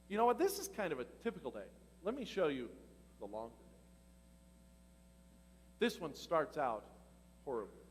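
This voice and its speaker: A male pastor preaching a sermon in a lively, conversational way, asking the congregation questions and laughing as he goes. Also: a little high, in a large hall, a little hiss or hum. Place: church hall.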